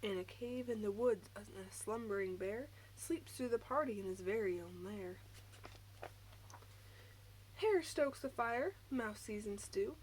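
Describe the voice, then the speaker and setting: A woman teacher reads a rhyming picture book aloud, slow and deliberate, leaning into the rhythm of each line. Her voice sits a little high. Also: a little hiss or hum, low-quality recording. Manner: expressive, rhythmic read-aloud.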